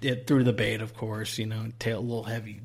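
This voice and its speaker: A man's voice: fairly low pitch, little pitch movement, fairly quick. Rambling man telling a fishing story. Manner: rambling storyteller, lots of "like", swears, acts out quotes. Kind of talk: casual chat.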